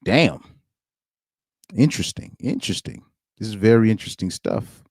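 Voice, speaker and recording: A young commentary streamer with a deep, low, darkish voice reacts casually to posts he reads aloud, breaking into incredulous asides and half-finished restarts. His pitch swings widely at a moderate pace. The recording is close and dry with no echo or room around it.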